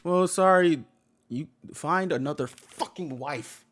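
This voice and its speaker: A man's voice: high voice, very animated, unhurried, a bit bright. A man giving heated reaction commentary on a video, blunt and slangy, swearing and repeating himself.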